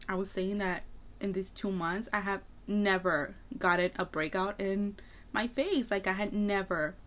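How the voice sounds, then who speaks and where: Woman, makeup vlogger, casual get-ready chat, rambling, filler-heavy, mid pitch. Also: unhurried, fairly bright tone.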